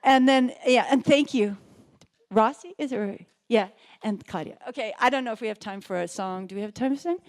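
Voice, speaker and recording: A woman's voice: fairly high pitch, a little fast, a little mellow. A woman giving an earnest, rambling, chatty talk to a live audience as a summit speaker and ukulele teacher. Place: event hall. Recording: echoey hall with ukulele music.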